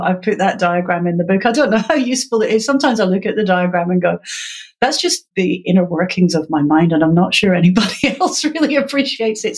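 A woman guest in an interview, patiently explaining in a teacherly way and laughing now and then. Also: medium pitch. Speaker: literacy educator guest.

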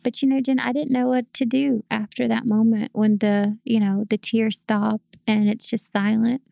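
A woman's voice: a little high, level tone, moderate pace, gravelly, mellow, no room sound, clean studio sound. A woman guest telling her faith story in a casual podcast chat, earnest and emotional.

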